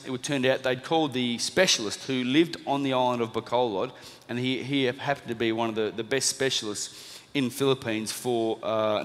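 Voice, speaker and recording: Australian man, thirties, quick storytelling pace, acts out quotes, echoing hall. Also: medium pitch. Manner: lively storytelling, acting out quoted lines, laughing at himself. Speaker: motivational speaker, former boxer. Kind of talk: anecdote told to a live audience. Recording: reverberant hall.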